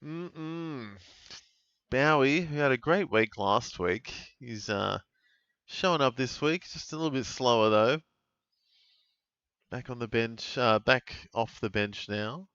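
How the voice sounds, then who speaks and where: Male host, live match reactions, bright smooth tone, dry dull lo-fi recording. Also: medium pitch, slow, dry recording. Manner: reactive, exclaiming at plays, chatty. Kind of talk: live fantasy sports watch-along commentary. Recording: dull lo-fi dry mic sound.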